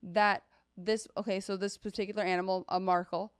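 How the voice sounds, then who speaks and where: A woman's voice: mid-range voice, flat delivery, a little fast, clear, resonant tone, no echo, studio quality. A woman hosting a podcast, restating her guest's points with emphasis. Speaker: podcast host. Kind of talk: casual podcast chat.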